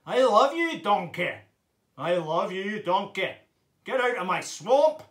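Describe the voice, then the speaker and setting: A man doing an impression of a big, grumpy male ogre with a gruff, growling voice. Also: high voice, big pitch swings, takes it slowly, a bit bright, reverberant, heavily acted.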